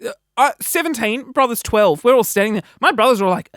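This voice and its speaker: A woman, telling a story in a casual vlog with animated, wry delivery. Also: fairly high pitch, fast talker, no room sound, studio quality. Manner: animated, wry, acts out quoted reactions. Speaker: vlogger.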